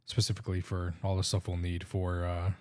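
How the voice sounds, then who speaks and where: A man's voice: low-pitched, completely flat delivery, a little fast, very noisy. A man with an Indian accent streaming a game, explaining plans in a rambling, casual way. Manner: rambling, restarts sentences while explaining plans. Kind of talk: casual live-stream chat.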